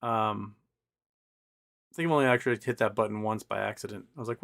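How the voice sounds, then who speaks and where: A man's voice: lowish voice, fast talker, vocal fry, fairly bright tone. A man hosting a casual livestream, rambling with lots of fillers and restarts as he reads out viewer chat. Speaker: livestream host.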